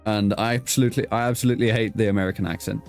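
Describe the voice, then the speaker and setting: A man with a fairly low voice hosts a casual interview over a video call. His accent blends British and South African English, and he rambles, swears offhandedly and laughs a lot. Faint music plays under the talk. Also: fairly even intonation, rapid-fire, a little mellow. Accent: mix of British and South African English. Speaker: host.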